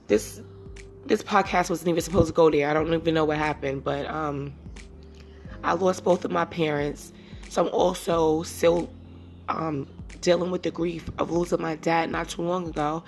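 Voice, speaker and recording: A woman in her thirties hosts a casual solo podcast over soft background music. Her low-pitched voice keeps a fairly even intonation at normal speed as she talks candidly and rambles, at times teary and emotional.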